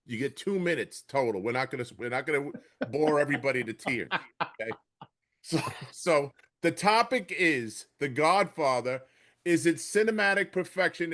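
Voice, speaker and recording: A man's voice: mid-range voice, a bit bright. A man hosting a podcast, jokey and laughing as he sets up segments. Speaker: podcast host. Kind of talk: casual podcast chat.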